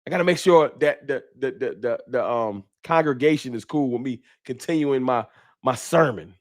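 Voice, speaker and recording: A man hosting a fan livestream, talking trash in a preachy, animated way and reading viewer chats aloud. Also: mid-range voice, normal speed. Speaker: sports fan show host.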